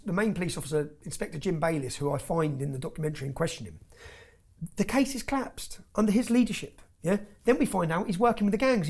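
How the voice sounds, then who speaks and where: As an interview guest, a man tells his personal story in a heated, intense, emphatic way, frequently capping his points with "yeah?". His voice sits high with a darkish tone.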